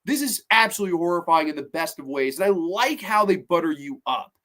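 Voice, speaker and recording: Male horror film reviewer, fairly high voice, rambling and excited, swears casually. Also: fairly quick.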